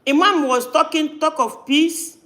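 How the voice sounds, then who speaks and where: A man with a strikingly high voice hosts a heated live-stream talk. He talks insistently and breaks in on others with strings of repeated no's. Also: a little slow, sharp tone.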